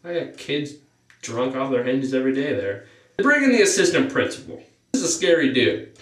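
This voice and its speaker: A man's voice: a little fast, far from the mic. Rambling teen guy in an echoey room. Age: teens. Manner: rambling, fills with "you know"; jumps up in pitch on excited parts. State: stuffy nose. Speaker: vlogger. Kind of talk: casual storytime monologue.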